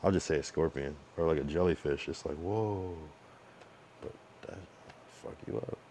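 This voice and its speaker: Low-voiced man ranting on a livestream. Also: normal speed, dark tone, a little hiss or hum. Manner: blunt, profane, rambling with frequent restarts. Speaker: streamer. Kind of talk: casual livestream monologue.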